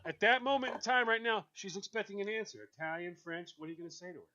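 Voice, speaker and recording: Animated male radio host, bright voice. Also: sits high, fast, highs cut off. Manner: animated storyteller, acting out quoted voices. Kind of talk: casual chat on a call-in show.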